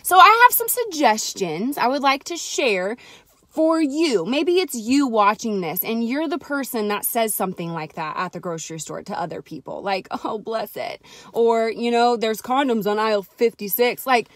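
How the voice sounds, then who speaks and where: A woman's voice: on the high side, big pitch swings, moderate pace, a bit bright, no echo, clean studio sound. A young mother, ranting sarcastically to camera in a chatty vlog full of "like" fillers. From Texas. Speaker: vlogger.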